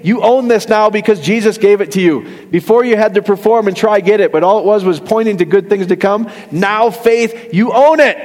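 Heard with a hall's long reverb, a middle-aged man with a very high, darkish voice gives a joking, conversational sermon in a church hall, often questioning the congregation and laughing along with his own jokes.

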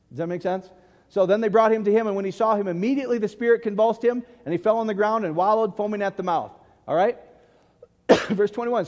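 A man's voice: high-pitched, darkish tone, big-room sound. A man preaching a sermon in an emphatic way, often checking that the audience agrees. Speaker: pastor.

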